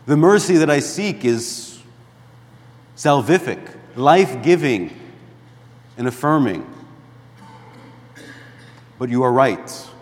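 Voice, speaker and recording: A man preaching a sermon as a priest in a church, deliberate and emphatic, dropping to a hush at times. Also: medium pitch, animated, long reverb tail. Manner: slow, deliberate preaching with emphatic rises and hushed drops.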